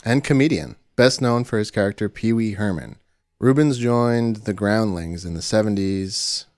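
A man's voice: lowish voice, animated, moderate pace, dry recording. A man from New Jersey, a podcast co-host, chatting casually with a dry, laughing manner and reading out listener questions. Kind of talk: casual comedy chat.

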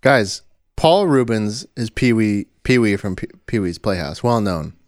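A man's voice: on the low side, animated, a little slow, no room sound. A man from New Jersey, a podcast co-host, chatting casually with a dry, laughing manner and reading out listener questions. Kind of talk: casual comedy chat.

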